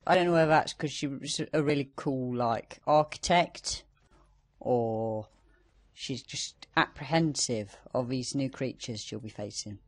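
A man's voice: medium pitch, measured pace. A man hosting a co-op gaming video, joking through casual, playful banter while he plays. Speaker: host.

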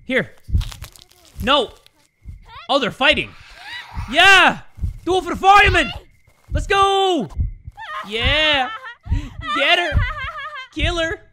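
A young man giving excitable let's play commentary on a game, breaking into shouts and yelps. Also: extremely high pitch, slow pace, pauses often, noisy background. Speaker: gaming YouTuber.

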